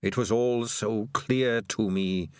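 Narrator as a troubled young male rat: quiet, bitter, halting. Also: fairly low pitch, steady tone, smooth, no echo, clean studio sound. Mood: brooding.

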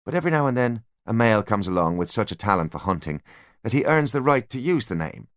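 A calculating teenage boy genius who speaks with calm, smug precision, as a man voices him for an audiobook. The pitch sits clearly above the reader's natural deep register. The recording is dry and close. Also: fast, no echo.

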